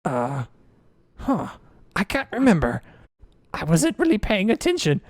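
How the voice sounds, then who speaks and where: A man's voice: high-pitched, wildly swooping pitch, measured pace, no echo, studio quality, voice pushed up, heavily acted. A man voicing a forgetful, flustered male duergar dwarf who frets. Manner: absent-minded, fretting.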